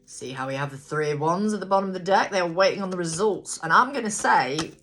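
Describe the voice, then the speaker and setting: A woman's voice: fairly low pitch, lively intonation, brisk, fairly bright tone. A woman giving a casual tarot card reading, thinking aloud, talking straight to viewers and swearing freely. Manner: chatty, blunt, swears freely. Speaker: tarot reader.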